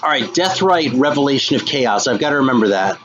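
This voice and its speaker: Reading viewer comments on his live stream, an American host chats casually about metal records, cursing freely and addressing people as "dude" and "man." He has a mid-range, fairly bright voice with lively intonation and a fairly quick pace. The audio is dull, with soft music in the background.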